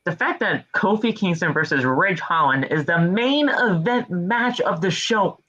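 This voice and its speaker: A man co-hosting a casual podcast, recapping a wrestling show with animated storytelling and exasperated jokes. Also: high-pitched, measured pace, dull audio. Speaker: podcast co-host.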